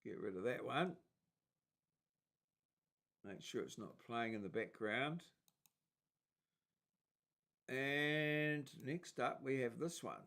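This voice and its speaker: Slow, chuckling man host, bright tone. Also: mid-range voice, creaky. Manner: chuckling, relaxed, amused. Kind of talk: casual commentary on social media posts.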